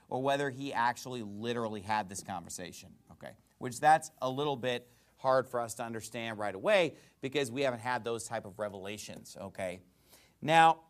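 A man delivers a sermon in a lively, swooping voice that sits a little high for a man. He presses his points hard and keeps checking in with "okay?" and "right?", stumbling into quick repeats as he goes. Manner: emphatic preaching with frequent "okay?" and "right?" tags; repeats and restarts words in quick bursts. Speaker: pastor.

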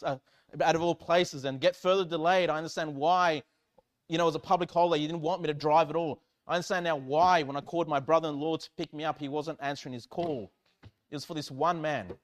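Animated high-voiced male pastor. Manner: animated storytelling, swinging from loud exclamations to hushed low lines. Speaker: church pastor. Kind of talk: sermon storytelling.

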